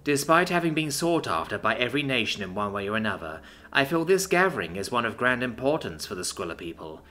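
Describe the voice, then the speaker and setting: A man voicing an alien ambassador who speaks through an automated voice, in a measured, formal way. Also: medium pitch, sing-song, sharp tone.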